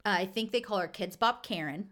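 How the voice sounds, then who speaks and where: A woman co-hosting a podcast in casual chat, an animated storyteller who acts out quotes in a high voice. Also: fairly quick. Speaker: podcast co-host.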